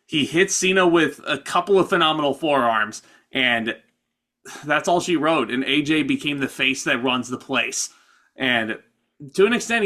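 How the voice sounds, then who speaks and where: A man's voice: on the high side, sharp tone. A man co-hosting a casual wrestling podcast, talking like an enthusiastic fan. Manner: enthusiastic fan, quick laughs. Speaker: podcast co-host.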